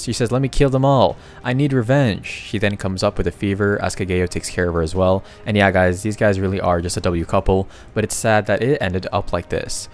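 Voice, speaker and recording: A young man casually narrating a comic recap, chatty and excitable, with slangy asides to viewers. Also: lowish voice.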